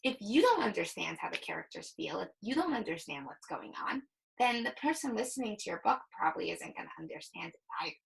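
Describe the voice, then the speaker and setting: A young woman teacher giving a recorded reading lesson to young children, with exaggerated, animated demonstrations. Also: mid-range voice, fast, vocal fry, a little hiss or hum, rough recording.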